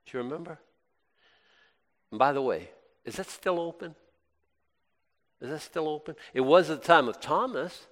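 A man delivers a sermon in a loose, conversational way, throwing rhetorical questions at his listeners. His pitch rises and falls widely as he swings between quiet asides and excited bursts. The recording carries a long hall reverb. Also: moderate pace, pauses often. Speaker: pastor.

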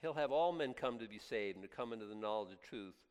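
A man preaching a sermon as pastor, impassioned and swinging from loud highs to quiet asides, often stammering and restarting. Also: expressive, fast talker, clear, resonant tone. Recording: long hall reverb.

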